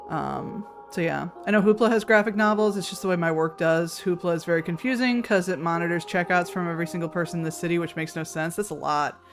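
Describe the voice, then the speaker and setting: A woman's voice: lowish voice, quick pace, few pauses, over music. A woman streamer in casual chat with her viewers, talking loosely, laughing often and reading chat messages aloud. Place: home room.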